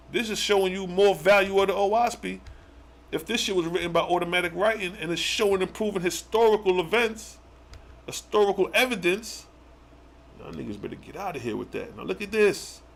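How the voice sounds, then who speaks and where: A man with a fairly high voice teaches scripture on a livestream. He reads verses at a slow, deliberate pace, then jumps into excited street-slang commentary and throws rhetorical questions at his listeners. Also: vocal fry. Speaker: religious livestream host.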